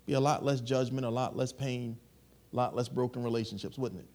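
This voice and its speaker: A man preaching a sermon in an animated, conversational way, acting out little asides. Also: mid-range voice, brisk. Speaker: pastor.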